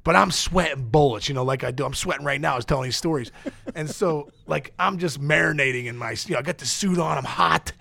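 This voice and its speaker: Excitable storytelling man, gravelly voice. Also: a little high, fast. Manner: excitable, rambling with many fillers and restarts. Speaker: podcast guest, former pro baseball player. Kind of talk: animated storytelling.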